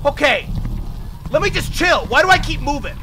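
A man doing excitable, profane let's play commentary on a horror game, yelling at the game and talking to viewers as "y'all". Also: very high-pitched, moderate pace. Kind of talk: casual gameplay commentary. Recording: game music loud behind the voice. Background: horror game music.

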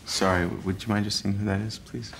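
An American actor playing an actor in London, talking in an awkward, halting way and stumbling over his words. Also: fairly low pitch, little pitch movement, noisy background, natural voice. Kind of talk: short film acting.

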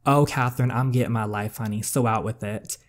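A man's voice: mid-range voice, steady tone, fairly quick. Man with sassy playful asides. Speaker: gaming channel host. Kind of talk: reacting to a story game.

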